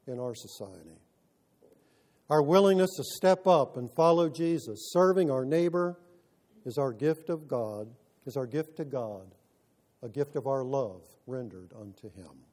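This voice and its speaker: A man preaching a sermon, telling a story in an earnest, measured way with pauses. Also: a little high, dark tone.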